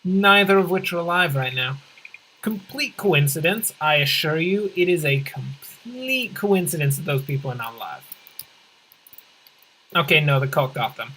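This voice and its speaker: A let's play host giving casual gameplay commentary with rambling, deadpan absurd humor, often correcting themself and swinging pitch and pace for comic effect. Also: normal speed, rough recording.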